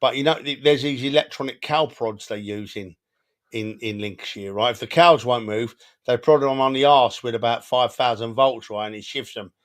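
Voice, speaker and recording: Animated man in casual football chat. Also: medium pitch, moderate pace. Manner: emotional, animated, repeats himself. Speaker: podcast co-host.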